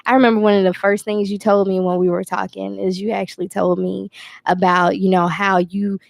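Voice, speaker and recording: Gravelly-voiced woman radio host. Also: mid-range voice, flat delivery, fairly quick, no echo. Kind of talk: casual radio interview chat.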